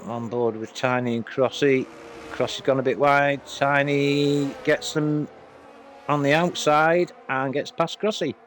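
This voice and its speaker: A man's voice: mid-range voice, fairly even intonation, a little slow, a bit bright, slight background noise. Casual male sim racing commentator. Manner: casual, chatty, apologetic asides. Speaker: race commentator.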